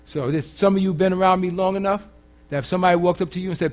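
A man preaching as a pastor, swinging from loud emphatic lines to quiet, casual, humorous asides. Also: sits high, very fast. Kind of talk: sermon.

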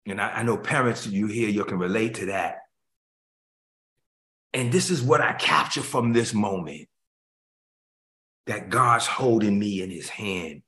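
A man's voice: lowish voice, animated, unhurried, pauses often. Emotional older male pastor preaching. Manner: emotional, swings between hushed and loud. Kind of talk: sermon. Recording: echoey room.

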